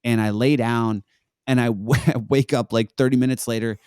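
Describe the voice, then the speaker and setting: A man's voice: medium pitch, steady tone, moderate pace, a little mellow, smooth, no room sound, studio quality. A young man, a podcast guest, chatting casually and telling stories in a laid-back way, laughing often. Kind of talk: casual chat.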